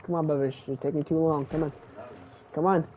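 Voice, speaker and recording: A young man giving casual live commentary while playing a game, excitable and swinging between muttering and squealing. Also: fairly high pitch, fairly quick. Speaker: gaming streamer. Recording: tinny phone-like stream audio, faint noise.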